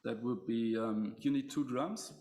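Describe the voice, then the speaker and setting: Slow-talking man teaching drum rhythms. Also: medium pitch, darkish tone. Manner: hesitant, many fillers and restarts. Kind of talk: instructional lesson with spoken rhythm syllables. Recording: echoey room.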